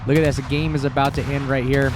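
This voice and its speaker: A man giving casual, excitable gameplay commentary over a desk mic, chatty and full of fillers. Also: medium pitch, fast, noisy background.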